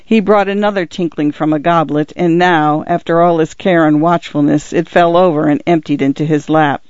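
A man narrates a literary audiobook in a measured, even way. His voice sits slightly high, and the recording is dry and a little dull. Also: clear, resonant tone, no room sound.

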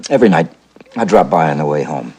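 A weepy sentimental divorced dad. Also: male voice, very deep voice, expressive, fast talker, darkish tone, breathy edge, exaggerated voice. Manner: mournful, apologetic, sentimental. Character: weepy, sentimental middle-aged divorced man. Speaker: divorced father.

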